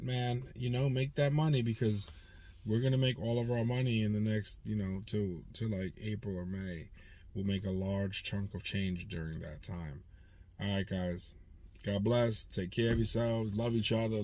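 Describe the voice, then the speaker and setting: A man's voice: fairly low pitch, a little mellow, slight background noise. A man in his forties, a used car dealer hosting his own channel, rambling in a casual, profane, streetwise way. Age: 40s. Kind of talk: casual vlog monologue.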